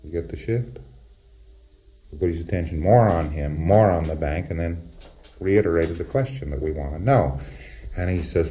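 Male lecturer, very low voice, wry and conversational, muffled lo-fi tape. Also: normal speed, pauses often, warm tone. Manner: conversational, wry, acts out exchanges. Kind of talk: recorded lecture to trainees.

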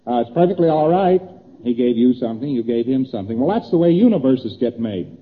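A man's voice: mid-range voice, lively intonation, brisk, husky. A man giving a conversational lecture, walking through graphs on a board and acting out small exchanges. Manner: conversational, repeats points, acts out little exchanges. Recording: tinny old tape in a reverberant hall.

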